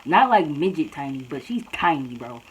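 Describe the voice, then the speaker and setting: A woman's voice: low voice, sing-song, normal speed, slight background noise, low-quality recording. A young woman vlogger telling a story casually, rambling with lots of "like" and "bro". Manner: rambling, full of "like" and "bro", laid-back.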